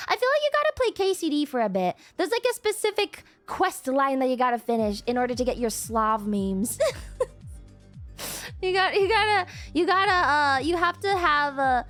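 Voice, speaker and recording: A woman's voice: high voice, a bit bright. A young woman streamer chatting casually with her viewers, playful and laughing often. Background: music.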